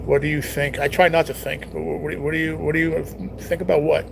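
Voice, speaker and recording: A man's voice: fairly high pitch, level tone, fast, creaky, background noise. A young man hosting a casual live stream at home, reading viewer comments and chatting in a laid-back, teasing way with plenty of swearing.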